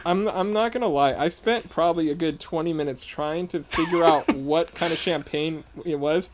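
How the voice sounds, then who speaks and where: A man's voice: a little high, normal speed. A man co-hosting a casual podcast, chatty and nitpicking details, laughing often. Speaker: podcast co-host. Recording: loud background noise.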